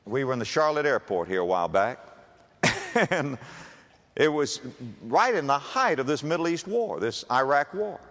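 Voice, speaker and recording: A man's voice: a little high, very animated, normal speed, a bit bright. An older man preaching a sermon with emphatic delivery, acting out little quoted voices as he goes. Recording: long reverb of a large hall.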